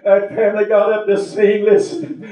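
A man's voice: high-pitched, fairly even intonation, moderate pace, dark tone, roomy sound, distant mic, low-quality recording. An older man, preaching an emotional testimony, fervent, at times tearful and laughing. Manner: fervent, sobbing and laughing through words.

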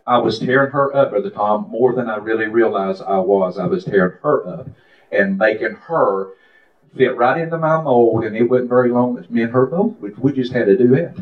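A man's voice: mid-range voice, moderate pace. A man preaching a sermon in a fervent, confessional way, calling out to members of his congregation. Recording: echoey, dull lo-fi room recording.

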